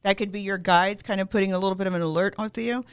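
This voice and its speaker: A woman's voice: mid-range voice, steady tone, racing, clean tone. A middle-aged woman, a psychic card reader, talking earnestly and reassuringly on a podcast in a studio. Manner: warm, earnest, reassuring about intuition. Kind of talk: casual podcast chat. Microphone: studio microphone.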